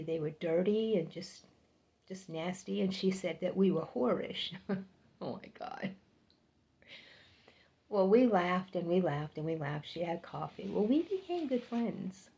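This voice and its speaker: A woman's voice: fairly low pitch, warm tone. An older woman telling a personal story to the camera, chatty and repeating words for emphasis. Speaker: vlogger.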